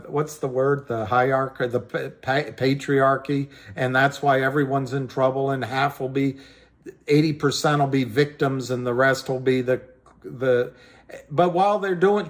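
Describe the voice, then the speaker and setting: A man hosting a casual livestream, rambling about money and greeting viewers by name, often trailing off and restarting. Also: mid-range voice. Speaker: livestream host.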